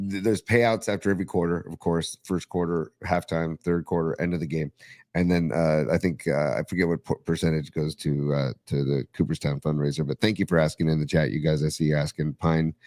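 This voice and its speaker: Man, lowish voice, excitable rambling sports podcast co-host. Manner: enthusiastic, rambling with restarts. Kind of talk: casual sports chat.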